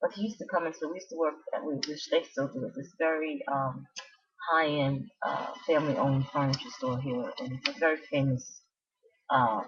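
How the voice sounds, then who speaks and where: A woman whose voice sits low talks at a moderate pace with fairly even intonation. She's a vlogger chatting casually, her story wandering through asides and restarts, and the recording is dull and lo-fi.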